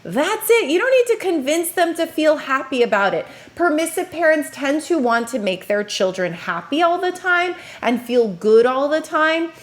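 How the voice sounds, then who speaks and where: A woman's voice: high voice, very animated, normal speed, few pauses. A woman in her thirties, an educator, giving casual reaction commentary and acting out parents' and children's lines.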